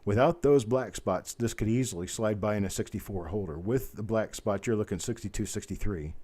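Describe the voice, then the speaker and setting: Folksy low-voiced man calling an auction. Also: warm tone. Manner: rapid bid-calling chant mixed with folksy chatter. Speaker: auctioneer host. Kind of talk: live online auction calling.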